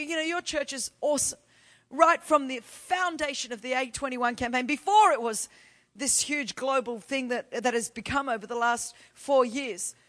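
Woman preacher with a high voice. Animated storyteller who builds to emphatic, shouted declarations. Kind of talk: storytelling sermon.

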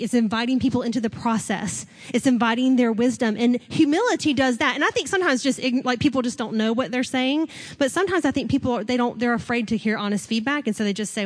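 A woman pastor preaching a sermon in a relaxed, conversational way, laughing now and then and acting out what people say. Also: a little high, fast. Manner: conversational, laughs often, acts out quoted speakers.

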